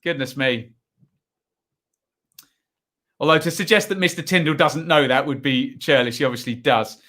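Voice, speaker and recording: A man's voice: mid-range voice, moderate pace, a bit bright. A man hosting a live football watchalong, giving chatty, rambling commentary full of asides and tag questions. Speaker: watchalong host.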